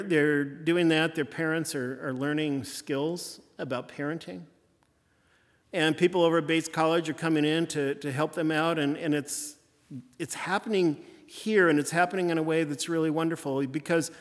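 Male pastor, folksy conversational sermon, slightly high voice, long reverb. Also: steady tone, moderate pace. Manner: folksy, repeating refrains.

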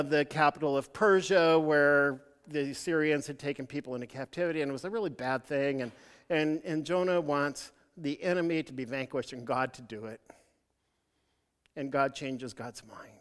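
Storytelling preacher, male, a bit high, stop-start delivery, long hall reverb. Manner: halting, many restarts, storytelling. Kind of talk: sermon.

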